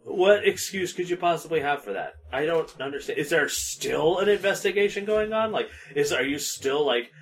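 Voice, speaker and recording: A man's voice: fairly high pitch, animated, moderate pace, hardly any pauses. Man, young adult, from the US, podcast co-host, casual chat, profane, heated rant. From United States.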